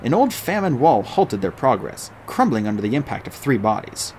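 A man reading a novel aloud as an audiobook narrator, with an animated, expressive delivery. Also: medium pitch, normal speed, a little hiss or hum.

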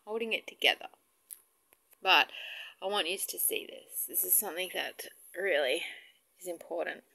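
A woman's voice: lowish voice, moderate pace, creaky, sharp tone. A woman vlogging in a casual, chatty way, fighting back emotion at times and dropping to a whisper now and then. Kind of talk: casual vlog chat.

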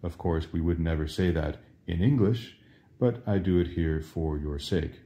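In a slow, drill-style language lesson, a man with a deep, dark voice takes his time. He patiently asks how to say each Latin altar server response, then supplies the answer.

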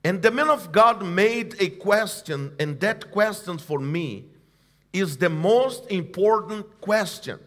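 High, lively preaching man, slow. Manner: call-and-response preaching, prompting the congregation to repeat; emphatic, repetitive phrasing. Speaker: pastor. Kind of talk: sermon. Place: church service.

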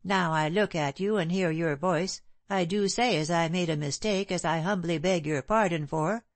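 A woman voicing a humble, timid working-class widow who pleads and apologizes, raised a little above her own lower voice. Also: moderate pace, no room sound, lightly acted. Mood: timid pleading. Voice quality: ungrammatical, pleading speech.

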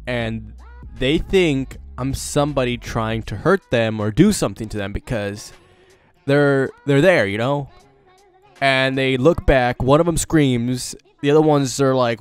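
A man's voice: mid-range voice, clear, resonant tone, no room sound. A teenage boy telling a story casually to camera as a vlogger, rambling and swearing with lots of fillers.

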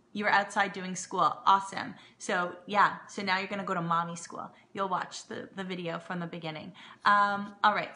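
A woman chats through a live stream from her home, her voice bright and forward. She warmly thanks and greets viewers in an easy, casual way. The room sounds echoey, with a faint hum of ambience behind her. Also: on the low side. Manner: chatty, warm thanks to viewers, excited greetings. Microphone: phone or webcam live stream.

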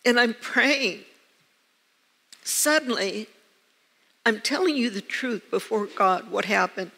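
Older lady preacher, gravelly, bright edge, long church echo, slow and earnest. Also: fairly high pitch, expressive. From United States. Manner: earnest storytelling preacher, emphatic repetition. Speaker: pastor. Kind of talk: sermon. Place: church sanctuary.

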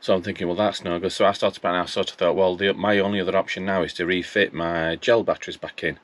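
A man's voice: sits low, flat delivery, fast, fairly bright tone. A man, casually telling a story and acting out his phone calls in quoted dialogue. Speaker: vlogger.

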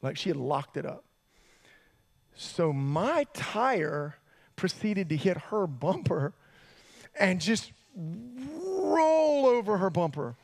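A man telling a sermon story to students, animated, jumping between hushed asides and excited yelps. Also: sits high, takes it slowly. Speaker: youth pastor. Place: church hall.

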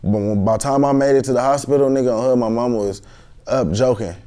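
A young man talks in slangy street speech packed with fillers. His voice is mellow and relaxed, and it sits at a middle pitch. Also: brisk, clean tone. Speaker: guest. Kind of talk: street storytelling interview.

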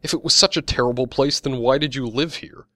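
A man voicing a short, sharp-tongued young woman who challenges and teases others. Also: mid-range voice, fairly even intonation, normal speed, no room sound, clean studio sound, pitched above the performer's own voice. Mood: defiant, teasing. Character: giggling, mousy young woman, quick to challenge.

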